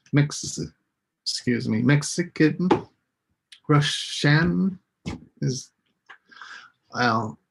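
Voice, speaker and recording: A man teaching an English lesson on a live stream, slowly repeating each word for his students. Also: mid-range voice, vocal fry, slight background noise. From United States. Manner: slow, deliberate, repeats words for students.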